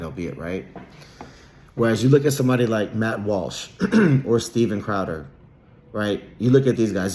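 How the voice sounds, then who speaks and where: A man's voice: lowish voice, normal speed, a little mellow, a little hiss or hum. A man giving a casual solo monologue, rambling with frequent restarts and repeated words. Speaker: vlogger.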